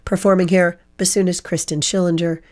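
A hoarse woman radio host with a low voice, announcing music and station details in a measured, polished on-air manner. Her delivery is steady and practiced.

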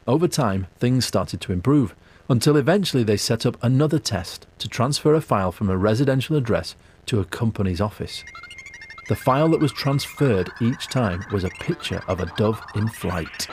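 A man delivering measured, scripted documentary narration in a storytelling manner. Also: mid-range voice, expressive, a little mellow, slight background noise.

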